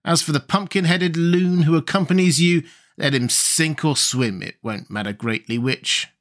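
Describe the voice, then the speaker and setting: A man's voice: a little high, moderate pace, a bit bright, close to an everyday voice. A man voicing a surly ferryman who speaks dismissively in a storybook reading. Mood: mocking. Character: surly, mocking adult male ferryman.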